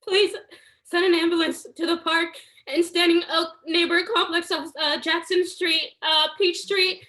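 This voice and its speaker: A woman's voice: extremely high pitch, flat delivery, unhurried, bright, forceful tone, full character voice. A woman voicing a panicked teenage girl calling for help in a play reading, frantic.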